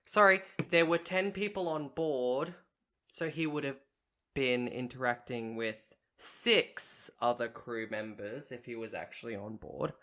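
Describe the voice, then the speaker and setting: A woman with a very low, deep voice takes her time, laying out a history story on a podcast. She counts off her points one by one and stops to fix her own slips, all in an easygoing chat. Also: a little slow, a bit bright. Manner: recounts a history case point by point, correcting herself. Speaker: podcast co-host.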